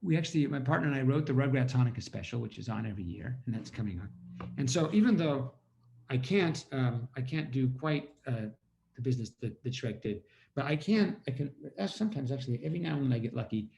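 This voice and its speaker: A man's voice: medium pitch, lively intonation, fast, gravelly, darkish tone. A man giving an inspirational storytelling talk over a video call at a community holiday event, acting out his own past thoughts.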